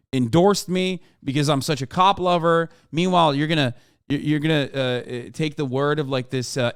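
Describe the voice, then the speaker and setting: A man's voice: on the high side, clean tone, no room sound, clean studio sound. A man hosting a casual political reaction stream, sardonic and profane, mocking as he talks. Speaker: streamer host.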